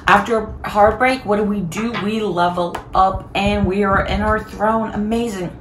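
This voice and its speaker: A woman's voice: mid-range voice, steady tone, a little slow, a bit bright. A woman giving a casual tarot reading in a bubbly, chatty way and laughing often. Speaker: tarot reader. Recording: echoey room, faint background noise.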